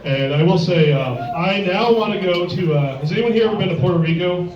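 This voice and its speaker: A man's voice: high-pitched, a little fast. A man doing a stand-up comedy set in a sports bar, crude and rambling, full of filler words. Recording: echoey bar, distant dull mic, crowd.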